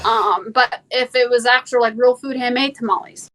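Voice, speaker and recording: A woman chatting as an interview guest, talking quickly and laughing easily. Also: on the high side, fairly even intonation, a bit bright. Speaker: guest, content creator. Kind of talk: casual interview chat.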